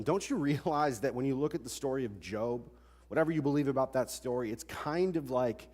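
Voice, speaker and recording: A man in his twenties preaching a sermon, animated and conversational, full of rhetorical questions. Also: mid-range voice, a little fast. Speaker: pastor. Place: large church hall. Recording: long church hall reverb.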